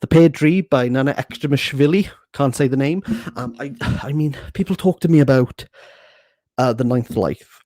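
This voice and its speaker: Warm in tone and mid-range, this voice moves at a moderate pace with no echo. It belongs to a young Welsh book vlogger showing his shelves from a small box room at home, rambling along and laughing at his own jokes about himself.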